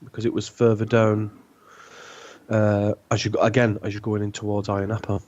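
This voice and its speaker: A man, a podcast guest, telling a long anecdote in a rambling, animated way and acting out the dialogue. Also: lowish voice, normal speed, a little hiss or hum. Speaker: podcast guest, former club DJ. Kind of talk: casual storytelling. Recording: dull lo-fi podcast audio.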